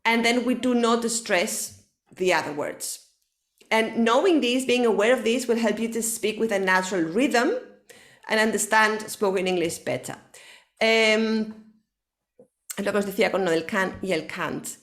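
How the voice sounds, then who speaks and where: A woman's voice: medium pitch, moderate pace. A woman with a Spanish accent teaching an English lesson, explaining patiently and checking in with her student.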